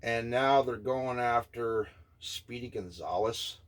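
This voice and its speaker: Indignant man in his fifties ranting. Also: medium pitch. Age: 50s. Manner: indignant, scornful, blunt; halting, many filler pauses. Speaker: vlogger. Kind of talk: opinion rant to camera.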